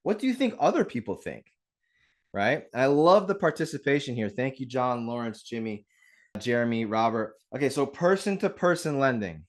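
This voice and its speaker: Energetic guy running a live webinar, mid pitch, pumped up, talking right at the viewers on a call mic. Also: normal speed. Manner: energetic, upbeat, talks straight to the audience. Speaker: webinar host.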